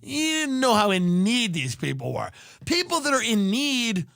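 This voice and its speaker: A man hosting a comedy podcast, ranting in a brash, profane and sarcastic way with quick asides. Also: high-pitched, wildly swooping pitch, creaky, fairly bright tone, dry recording. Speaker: podcast host. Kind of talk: comedic rant.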